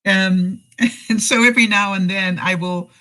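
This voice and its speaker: A woman's voice: mid-range voice, steady tone, a little slow, pushed and bright, poor audio. A middle-aged woman vlogger giving life advice in a live chat, telling stories, acting out quoted lines and laughing often. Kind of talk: live-stream chat, reading viewer comments.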